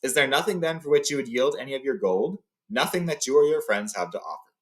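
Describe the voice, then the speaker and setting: A man voicing a proud, furious male dwarf king who shouts in anger while reading a story aloud. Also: medium pitch, animated, fast, a little hiss or hum, natural voice, low-quality recording. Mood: wrathful. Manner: shouting, wrathful.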